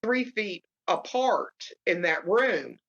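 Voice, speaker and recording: A woman's voice: animated, fairly bright tone. Woman telling a hard personal story. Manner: halting, many fillers and restarts. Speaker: guest. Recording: muffled low-fidelity audio.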